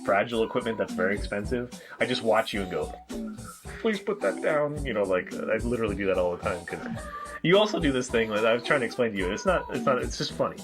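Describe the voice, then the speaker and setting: A man co-hosting a film review show, chatting casually and rambling with lots of fillers and playful put-on voices. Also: lowish voice. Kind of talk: casual chat.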